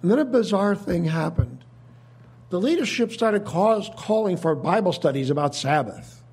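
A man preaching a sermon in a measured, thoughtful teaching manner, often restarting his sentences. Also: high voice, animated, a little mellow, husky.

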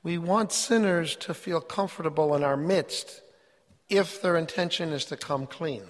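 A man's voice: a little high, a little slow, big-room sound. A man preaching a sermon in an earnest, emphatic way, reading scripture aloud between his points.

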